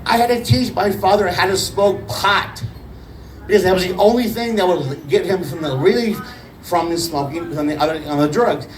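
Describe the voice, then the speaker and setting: A man doing a first stand-up set, rambling and halting with many restarts. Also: sits high, distant mic, poor audio. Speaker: stand-up comedian.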